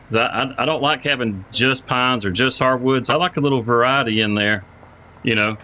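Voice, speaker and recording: On poor audio, a farming-game livestreamer talks at normal speed in a medium-pitched, pushed, bright voice. He keeps up casual banter, welcomes viewers by name, and mulls things over out loud, repeating words often.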